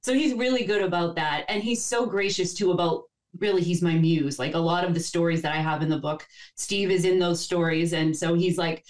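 A woman's voice: on the low side, steady tone, brisk. A middle-aged woman, an author, talking eagerly as a guest on a podcast interview. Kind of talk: conversational interview.

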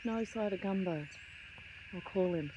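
A woman's voice: medium pitch, a little slow, lo-fi sound, heavy background noise. A young woman outdoors, cooing pet talk at wild birds with muttered asides to a handheld camera. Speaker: vlogger feeding wild kookaburras. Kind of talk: casual outdoor chat to animals and camera. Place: outdoors among trees. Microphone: handheld camera held to the side.

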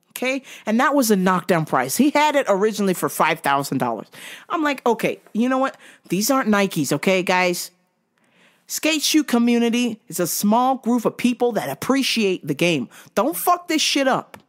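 A woman hosts her own show with a foul-mouthed comedic rant. Her voice swoops up and down with lively, animated pitch. Her delivery is brash and unfiltered. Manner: profane, animated ranting. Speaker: vlog host.

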